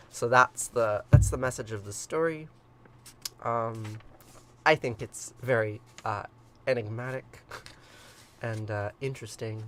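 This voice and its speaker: A man of middle pitch hosts a relaxed morning livestream from his computer mic. He reads an ancient myth aloud, then drifts into loose chat with viewers. His delivery is hesitant and full of ums, broken up by frequent chuckles. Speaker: livestream ritual host.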